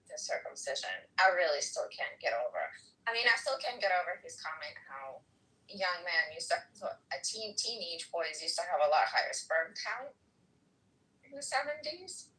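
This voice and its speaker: A woman's voice: on the low side, big pitch swings, moderate pace, sharp tone, recorded from a distance, rough recording. A woman in a casual political chat, talking in an outraged, exclaiming way.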